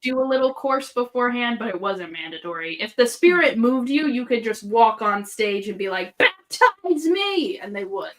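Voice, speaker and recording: A woman's voice: on the high side, animated, a little fast, few pauses. A woman co-hosting a casual podcast chat, talking in a chatty, joking way with the odd swear. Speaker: podcast co-host.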